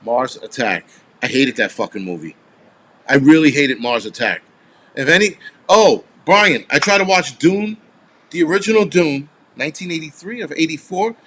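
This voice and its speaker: A man in his forties hosts a casual live stream, rambling and swearing as he tosses off answers to viewer comments. His voice sits on the high side and is expressive and a little bright, at a moderate pace.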